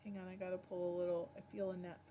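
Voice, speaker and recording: A woman's voice: on the low side, level tone, rapid-fire, dark tone, dull audio, slight background noise. A woman hosting a live stream in a casual, chatty way, reading viewer comments aloud, laughing often and breaking off mid-word. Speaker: livestream host.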